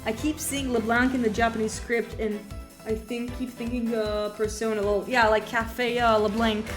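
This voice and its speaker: A woman's voice: on the high side, flat delivery, normal speed. A woman streamer chatting and joking casually as she plays through a game. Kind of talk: casual gameplay commentary. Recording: game music behind voice.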